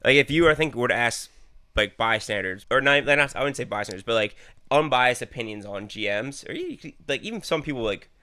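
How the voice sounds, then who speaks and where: A man's voice: mid-range voice, expressive, a little fast, bright, forceful tone, no echo. A young man co-hosting a podcast, chatting casually about football in a rambling way with lots of fillers. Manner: rambling, lots of fillers, laughs while telling stories. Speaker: podcast co-host. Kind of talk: casual sports chat.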